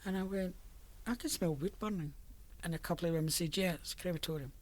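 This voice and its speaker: Talking fast in a lowish voice, an older woman from Scotland looks back on her working life for an oral history interview, chatty and storytelling, with frequent laughter.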